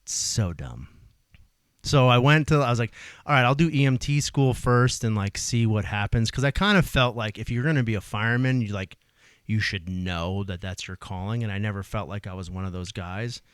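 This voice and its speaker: A man in his forties from New Jersey with a Jersey accent, telling his life story in an animated, casual way. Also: fairly low pitch, normal speed, clean tone, no room sound, clean studio sound. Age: 40s. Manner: animated storytelling, acts out voices, swears casually. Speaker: guest, EMS worker. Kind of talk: casual conversation.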